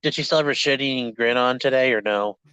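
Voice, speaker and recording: A man's voice: mid-range voice, brisk, fairly bright tone, smooth, no room sound. A man calling in as a guest to a livestream, talking casually and hesitantly, stumbling over his words. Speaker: guest joining by call. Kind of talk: casual chat. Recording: dull, dry, lo-fi call audio.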